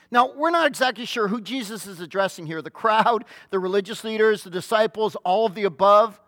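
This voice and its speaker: A man preaching a sermon, telling a scripture story vividly with dramatic pauses and asking his listeners earnest rhetorical questions. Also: high voice, a bit bright, no echo, clean studio sound. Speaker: pastor.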